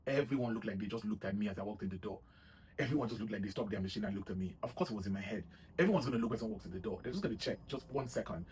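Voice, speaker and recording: A vlogger with a fairly low, expressive, darkish voice talks very fast to camera, giving casual motivational gym advice. He rambles and keeps adding "you know what I mean." The low-quality recording has a little hiss or hum.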